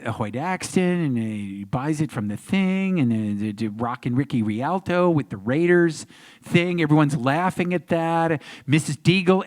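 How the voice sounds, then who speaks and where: A man guesting on a convention panel, telling a story with lively acted-out crowd voices. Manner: acts out crowds and voices, big pitch jumps. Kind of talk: animated storytelling.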